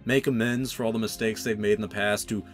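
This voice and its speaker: A man's voice: fairly low pitch, steady tone, fast, soft background music. Young man ranting on his channel. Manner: exasperated, ranting, with sarcastic asides. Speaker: channel host. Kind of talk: opinion commentary vlog.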